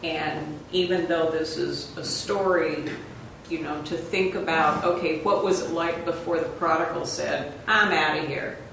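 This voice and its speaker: A man taking part in a church class discussion, speaking slowly and thoughtfully. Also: fairly high pitch, steady tone, vocal fry, fairly bright tone, slight background noise. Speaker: class participant. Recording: distant mic in echoey room.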